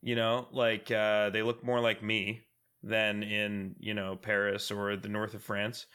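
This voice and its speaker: A man's voice: lowish voice, monotone, a little slow, bright, forceful tone, clean tone. Rambling man in casual chat. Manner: rambling, many fillers and restarts. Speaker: podcast co-host.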